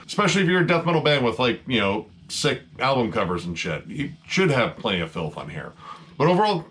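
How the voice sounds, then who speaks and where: A man reviewing heavy metal albums in a loose, rambling monologue. His voice sits a little low but has a bright, forceful edge. He leans on fillers and swears freely as his enthusiasm builds.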